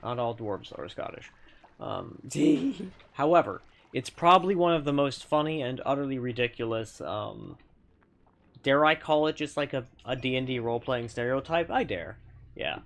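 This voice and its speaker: A man streaming himself playing a game, talking casually and playfully at middle pitch. His voice bounces around with lively intonation, and he keeps correcting himself mid-sentence with little joking asides. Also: creaky. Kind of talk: casual gameplay commentary.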